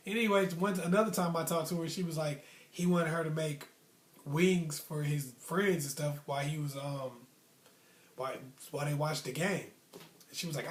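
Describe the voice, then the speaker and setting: Brief: man, casual storyteller, slangy and rambling, higher-pitched, echoey room sound. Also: a little fast, slight background noise. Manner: relaxed, slangy, rambling asides. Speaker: storyteller host. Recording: roomy echo.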